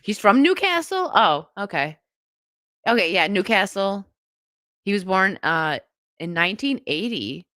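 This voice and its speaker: A woman's voice: mid-range voice, big pitch swings, a little slow, long pauses, a bit bright, no room sound, studio quality. Chatty, sick woman streamer. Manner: chatty, rambling, laughs often. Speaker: streamer host. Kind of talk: casual live-stream commentary.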